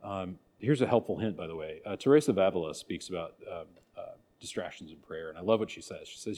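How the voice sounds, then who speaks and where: A man's voice: low-pitched, quick pace, warm tone. A man teaching a church catechism class in a folksy, conversational way, acting out little asides. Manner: folksy, conversational, with many restarts and acted asides. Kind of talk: casual catechism class talk.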